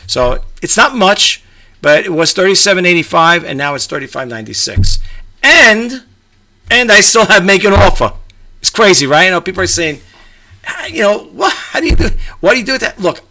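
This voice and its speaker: Talking casually to camera at home beside a grandfather clock, this middle-aged man from New York rambles about reselling, full of fillers and false starts. His voice is a little high and bright, with vocal fry and a forceful tone.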